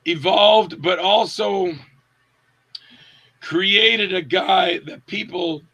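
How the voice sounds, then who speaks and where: Guy actor in an interview, high gravelly voice, tells stories and loudly acts out what people said. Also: very slow. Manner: animated, acts out quotes with raised voice. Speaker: actor guest. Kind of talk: casual interview storytelling.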